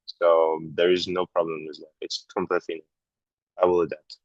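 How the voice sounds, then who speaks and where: A very low-pitched man with a French accent talks candidly in a relaxed podcast chat, often hunting for his English words. The audio is a little dull and lo-fi, with a dry, close sound and no room echo. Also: moderate pace. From France. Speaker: guest actor. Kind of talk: casual podcast conversation.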